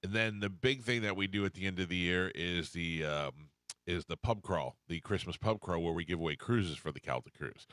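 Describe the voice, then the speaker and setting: A man's voice: sits low, fairly bright tone, no room sound. A man hosting a morning radio show, telling loose stories in casual chat. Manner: loose storytelling, quick asides.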